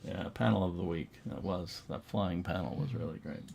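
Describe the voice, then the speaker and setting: Man co-host, gravelly, chatty and laughing, flips through comic pages and reads captions in mock voices. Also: sits low, moderate pace, darkish tone, a little hiss or hum. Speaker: museum co-host. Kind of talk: casual comic-book show-and-tell chat.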